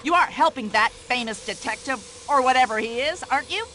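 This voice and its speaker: An actress playing a brash, nosy older American widow with an American accent, fussing and complaining in a game. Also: female voice, sits high, lively intonation, a little fast, pushed and bright, slight background noise. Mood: indignant. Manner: indignant, nosy, fussy complaining chatter. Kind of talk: video game voice acting.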